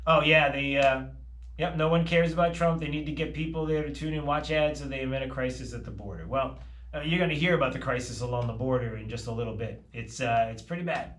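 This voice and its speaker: A man hosting a morning radio live stream, animated and fast-talking as he greets viewers in a casual chat. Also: mid-range voice, roomy sound. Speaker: radio show host.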